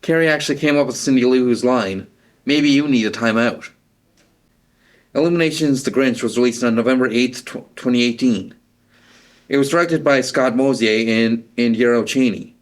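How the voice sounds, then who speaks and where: A man presenting a film review segment, delivering trivia and opinions in a steady, matter-of-fact way with small stumbles. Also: mid-range voice, moderate pace. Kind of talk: reading trivia, then giving casual opinions.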